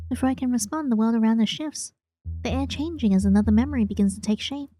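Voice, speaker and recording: A woman reading a story game aloud in first person, expressive and reacting to it. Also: fairly high pitch, fast, soft background music, rough recording.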